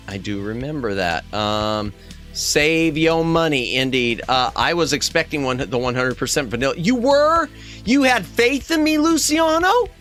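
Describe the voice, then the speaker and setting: A man streaming as a VTuber, chatting casually with his viewers in a rambling, self-correcting way, his throat strained. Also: bright, forceful tone. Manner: rambling, self-correcting, jumps to high squeaky exclamations. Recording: faint music behind the voice.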